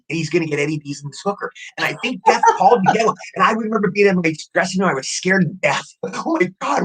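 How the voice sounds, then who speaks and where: A man in his sixties, an actor guest telling rapid, excitable anecdotes in a casual interview, often repeating words as he goes. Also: high-pitched, slightly rough, rough recording. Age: 60s.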